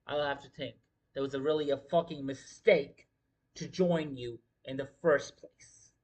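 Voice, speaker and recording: A man's voice: medium pitch, fairly even intonation, measured pace. A man hosting a wrestling livestream in casual commentary, talking emphatically with lots of swearing and repeating his points. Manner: profane, emphatic, repeats himself.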